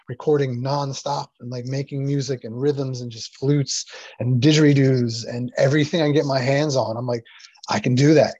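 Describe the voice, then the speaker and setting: Male interview guest, emotional and halting, husky voice, dry dull lo-fi call sound. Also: medium pitch, darkish tone, no echo. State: near tears. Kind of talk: emotional personal story in casual conversation.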